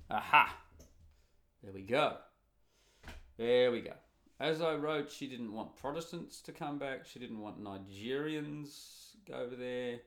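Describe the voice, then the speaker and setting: Blunt, profane man. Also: fairly low pitch. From Australia. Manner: blunt, profane, sarcastic, rambling. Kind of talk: casual opinionated monologue.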